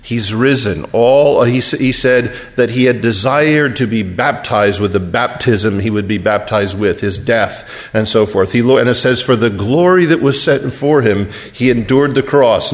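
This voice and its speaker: Guy preaching a sermon, storytelling, goes quiet then loud and high. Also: normal speed, hardly any pauses. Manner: storytelling, wide swings from hushed to emphatic.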